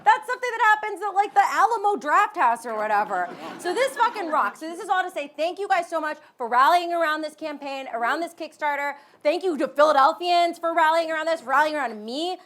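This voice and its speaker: A woman hosting a live comedy show on stage, excited and gushing, swearing freely and laughing often. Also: high voice, fairly quick, few pauses. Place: theater stage before a live audience. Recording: live theater with crowd and noise. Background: audience reactions.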